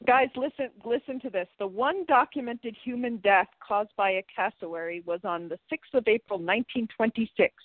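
Fairly high-voiced woman on a podcast, excitable, thin phone-ish audio. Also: normal speed, few pauses, no room sound. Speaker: podcast co-host. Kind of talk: casual chat. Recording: dry tinny phone-like sound.

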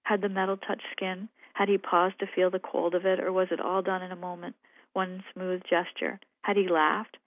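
A woman's voice: on the low side, little pitch movement, normal speed, dry recording. A woman novelist talking thoughtfully and hesitantly about her writing, and reading aloud from her own novel. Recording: phone-like radio line.

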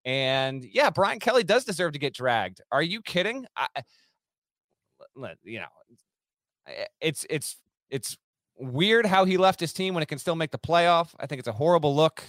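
A man's voice: fairly high pitch, sing-song, a little slow, fairly bright tone, dry recording, clean studio sound. A man from the northern US co-hosting a sports podcast in casual, wry, rambling banter. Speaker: co-host.

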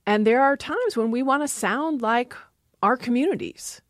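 A woman's voice: on the high side, animated, normal speed, no room sound, clean studio sound. A woman linguist explaining language in an interview, often laughing as she talks. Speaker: linguist guest. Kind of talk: interview talk.

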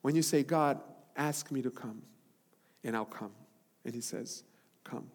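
A man preaching a sermon as pastor, swinging from loud, high-pitched calls to hushed, low passages. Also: unhurried. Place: church sanctuary. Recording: large hall with long reverb and music.

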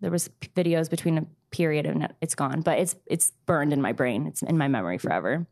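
Thirty-something woman, kinda low voice, halting and soft, sharing her story. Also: gravelly. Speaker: grieving mother guest. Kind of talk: personal storytelling.

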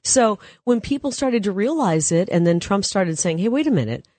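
A woman's voice: mid-range voice, lively intonation, normal speed, dark tone, no room sound. A middle-aged woman talking as a guest on a political talk show, emphatic and punchy.

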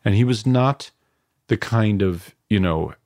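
A man from New York in his fifties, a filmmaker reflecting on his family in an interview, halting and restarting often. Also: on the low side, a little mellow, no echo, clean studio sound. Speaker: filmmaker guest. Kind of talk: interview answers.

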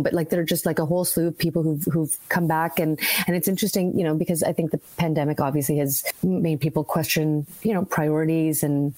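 Low-voiced woman, reflective guest. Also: steady tone, a little fast, hardly any pauses, mellow, no echo. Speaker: podcast guest. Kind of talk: casual conversation.

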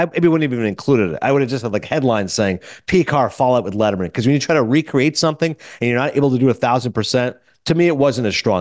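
Speaking at medium pitch into a studio microphone, with no echo, a male film critic hosting a podcast works through a movie review. He tells it animatedly and casually, acting out lines quoted from the film.

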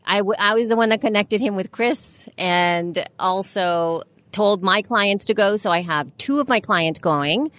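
A woman co-hosting a podcast, talking in a relaxed, rambling way with fillers like "um" and "like.". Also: medium pitch, a little slow, few pauses, no echo. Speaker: podcast co-host and consultant. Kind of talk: casual chat.

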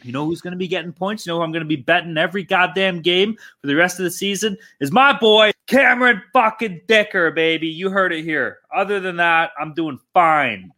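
A man's voice: high voice, a little fast, hardly any pauses, sharp tone. A man co-hosting a sports betting podcast, talking casually and ranting with heavy swearing. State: tired. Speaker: podcast co-host.

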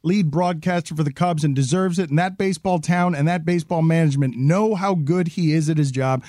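A man's voice: a little high, brisk, a little mellow, dry recording, clean studio sound. A middle-aged male host in casual interview chat, praising his guest in long winding sentences. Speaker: show host and media company head.

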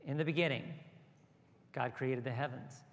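A pastor delivering a sermon, shifting between soft, low asides and raised, rhythmic exhortation. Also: male voice, moderate pace. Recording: long hall reverb with soft music behind.

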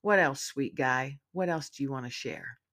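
A woman voicing a tender grieving mother who speaks softly and gently in a storybook. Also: rumbling low, normal speed. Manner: soft, gentle.

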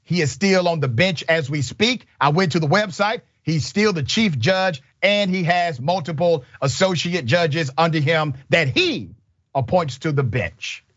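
A man hosting a commentary show, with an emphatic, indignant delivery full of rhetorical questions. His voice sits a little high. The sound is dry and slightly dull. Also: a little slow, fairly bright tone, no echo. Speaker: show host.

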